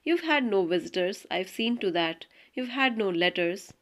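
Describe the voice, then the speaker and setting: A woman's voice: medium pitch, lively intonation, normal speed, lightly acted. A woman voicing a male prison governor in an audiobook reading, clipped and questioning. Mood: dry.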